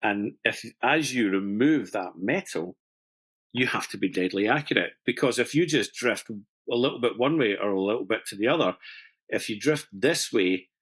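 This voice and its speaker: A man's voice: on the low side, expressive, normal speed, fairly bright tone, slightly rough. A middle-aged man, a master stone setter explaining a jewellery technique in chatty, self-deprecating conversation, with restarts and fillers.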